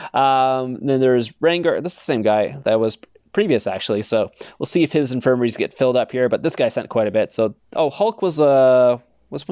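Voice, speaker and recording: A man's voice: medium pitch, dark tone, no echo, clean studio sound. A young man hosting a gaming channel, chatting casually over gameplay footage, rambling with lots of fillers and frequent chuckles. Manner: rambling, laughs often, many fillers.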